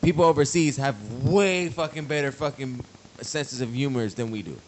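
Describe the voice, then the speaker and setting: Man, mid pitch, emphatic, profane, casual podcast chat, faint background noise. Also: moderate pace, low-quality recording. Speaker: podcast co-host.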